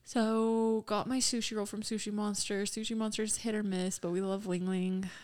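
Here a young woman co-hosting a podcast chats casually, telling stories with plenty of giggles and "like"s. Her voice sits at a medium pitch, clean and darkish, delivered at a normal speed in a level tone.

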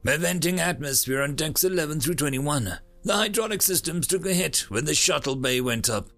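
A man voicing a hurried chief engineer who rattles off damage reports. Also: on the high side, very animated, vocal fry, a bit bright, dry recording, faint music behind, pitched above the performer's own voice, exaggerated voice. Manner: rapid.

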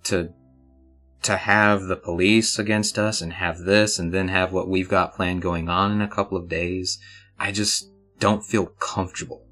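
A man's voice: low voice, sharp tone, full character voice. A man voicing a serious woman gang leader who gives orders in a businesslike way, with hesitant restarts.

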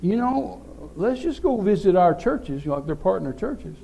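A man's voice: high-pitched, sing-song, normal speed, gravelly, dark tone. An older man, telling a rambling, folksy story as a preacher. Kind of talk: sermon storytelling.

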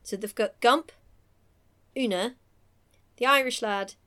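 A woman's voice: fairly high pitch, slow pace. English woman podcasting, rambly and giggly, casual chat. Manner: giggly, rambling, animated storytelling. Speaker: podcast co-host recapping a show.

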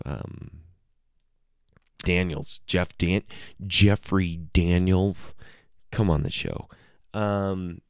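Young male podcast host, very low voice, slow rambling comic delivery, dry close sound. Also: a little mellow, clean tone, dry recording. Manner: rambling, self-interrupting, profane. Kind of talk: casual comedic storytelling.

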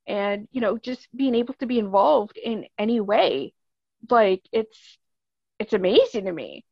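A woman's voice: mid-range voice, big pitch swings, unhurried, gravelly, breathy edge, no room sound, dull audio. A woman with a Canadian accent, speaking as a podcast guest in casual, earnest, rambling chat, laughing often.

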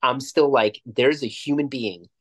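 A man co-hosts a casual podcast chat, rambling emphatically and swearing a lot. His voice is mid-range and his pace is measured.

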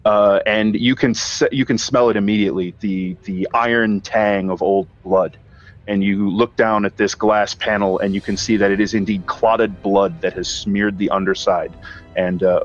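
A man's voice: lowish voice, fairly even intonation, moderate pace. A man narrating as game master of a tabletop game, telling the scene vividly with small hesitations. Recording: dull lo-fi audio, faint music.

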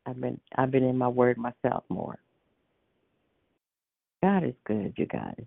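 A woman's voice: extremely low pitch, expressive, unhurried, gravelly, long pauses, dry recording. A woman leading a prayer line, praying fervently and repeating words of praise and thanks. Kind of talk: spoken prayer on a phone line. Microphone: phone. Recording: tinny phone line.

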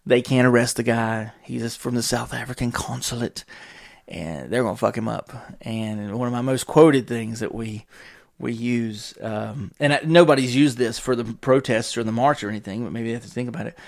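Gravelly and medium-pitched, the man keeps a steady tone at a moderate pace. He's hosting a podcast by himself, wandering off on tangents, cursing freely and laughing quietly throughout.

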